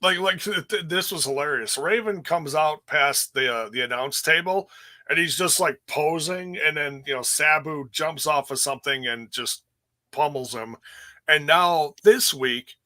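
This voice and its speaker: A man's voice: a little high, a little slow, bright, forceful tone. A hungover man co-hosting a casual podcast chat, joking and laid-back, stammering now and then. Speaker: podcast co-host. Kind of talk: casual chat reviewing wrestling.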